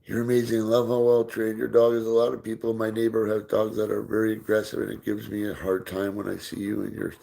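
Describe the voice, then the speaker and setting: Low-voiced man chatting on a live stream. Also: little pitch movement, fast talker, gravelly, few pauses. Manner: reads out and answers viewer comments, often drops into soft baby talk for his dog. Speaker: livestream host. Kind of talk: casual live chat with viewers.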